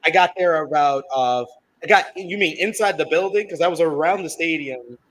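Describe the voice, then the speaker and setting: Upbeat male podcast host, a touch higher voice, casual live-stream banter. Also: moderate pace, a bit bright. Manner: upbeat, reads live chat aloud.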